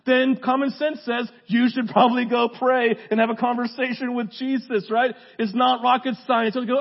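A man's voice: very high-pitched, normal speed, gravelly, hardly any pauses, lo-fi sound. A young man preaching a casual, joking sermon to a live congregation. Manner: casual, joking, talks straight to the crowd. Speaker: pastor. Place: church hall with a live congregation.

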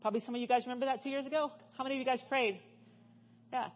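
A woman giving a sermon in a church, telling stories in a lively, conversational way and asking the congregation questions. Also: sits high, very fast, muffled recording. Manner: animated, conversational, questions the audience. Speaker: guest speaker. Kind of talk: sermon storytelling.

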